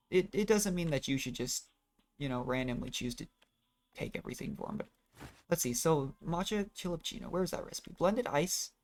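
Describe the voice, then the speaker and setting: A gamer giving casual, rambling commentary while playing, often trailing off and restarting thoughts. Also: mid-range voice. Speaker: let's play gamer.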